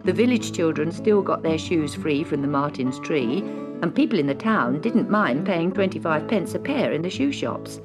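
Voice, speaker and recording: Expressive woman reading a storybook. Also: sits low, moderate pace, over music.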